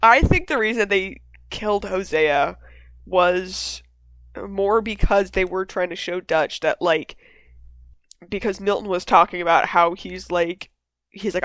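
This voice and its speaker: A woman hosting a casual discussion, talking in an animated way, swearing freely and acting out characters' lines. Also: medium pitch, a little slow, no echo. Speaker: podcast host leading a discussion. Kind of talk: casual chat.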